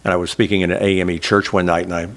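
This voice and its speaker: A man's voice: low-pitched, little pitch movement, racing. A middle-aged man from Oklahoma, a former state senator, telling earnest, self-deprecating stories in an oral history interview. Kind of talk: reflective oral history storytelling.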